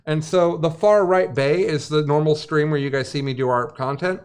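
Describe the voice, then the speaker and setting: A man hosts a gaming livestream in a loose, rambling way, cracking jokes while he fills time. His voice sits a touch higher than most men's. The talk is casual and unscripted. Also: normal speed, a little mellow, clear, resonant tone. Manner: rambling, jokey, filling time. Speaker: stream host.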